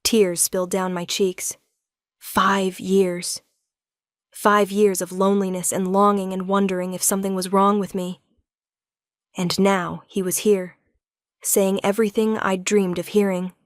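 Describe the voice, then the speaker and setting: Woman narrating a romance story, steady. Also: medium pitch, measured pace, smooth, no room sound, studio quality. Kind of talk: scripted first-person romance narration.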